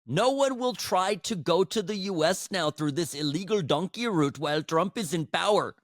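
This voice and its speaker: Man putting on an Indian accent, deported young guy, rueful, plain-spoken, lifted pitch. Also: animated, normal speed, no echo, studio quality. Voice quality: mock accent, raised pitch.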